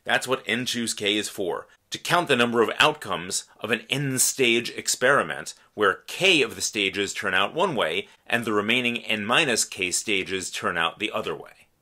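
A man delivers a recorded math lecture in a lowish voice. His tone is bright and forceful. He explains each step with care and presses hard on the ideas that matter. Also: expressive, moderate pace, few pauses. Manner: careful, explanatory, stresses key points.

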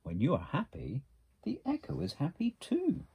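A man voicing a wise, calm old male beaver in a children's storybook, speaking slowly and gently as he explains. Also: fairly high pitch, gravelly, slightly rough, voice pushed up, heavily acted. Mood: gentle.

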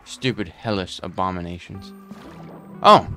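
A man giving casual gameplay commentary, excitable, with frequent yelps and outbursts. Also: low voice, a little slow, soft background music.

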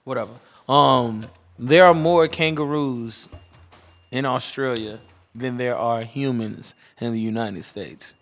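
A man's voice: medium pitch, slow. A young man from Chicago, a DJ, chatting casually in an interview, joking, profane and rambling. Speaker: DJ guest.

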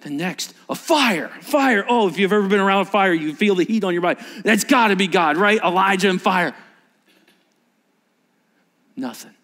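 A male pastor with a high-pitched voice delivers a sermon as lively storytelling. He pushes hard on key words, then drops to hushed, intimate asides. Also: moderate pace, pauses often. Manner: animated storytelling, swinging from loud emphasis to hushed asides.

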